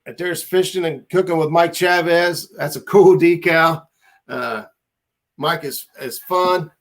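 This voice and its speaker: A man's voice: on the high side, fairly even intonation, unhurried. A man hosting a casual livestream chat, laid-back and rambling as he reads out viewer comments. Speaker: livestream host.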